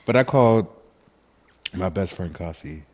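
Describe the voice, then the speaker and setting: A man with a very deep, low voice chats casually as a podcast co-host. He is playful and sassy, laughs a lot and often lets his voice sink low at the end of a thought. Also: expressive, unhurried, a little mellow. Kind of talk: casual chat.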